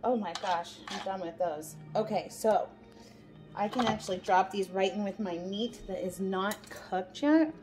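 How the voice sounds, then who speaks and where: A woman's voice: medium pitch, a little slow. A woman hosting a casual cooking demonstration in a home kitchen, chatting through each step as she works. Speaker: cooking show host. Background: background music.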